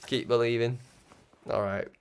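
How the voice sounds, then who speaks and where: A man with a Scouse accent hosts his own broadcast, his medium-pitched voice unhurried and fairly even in intonation. He rambles through a reflective monologue, restarting often and breaking into chuckles, with a slight hiss or hum in the background.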